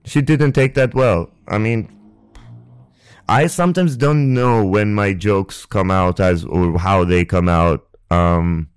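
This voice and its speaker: Young man, lowish voice, halting rambling storytelling, swears, close mic. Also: clean tone. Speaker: podcast host. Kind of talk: personal storytelling. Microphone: close ASMR microphone.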